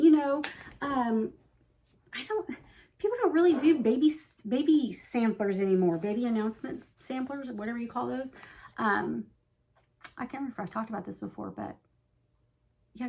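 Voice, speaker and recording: Gushing chatty woman, slightly high voice. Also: normal speed, vocal fry, slight background noise. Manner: gushing, chatty, with soft hushed asides. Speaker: cross-stitch vlogger. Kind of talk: casual show-and-tell chat.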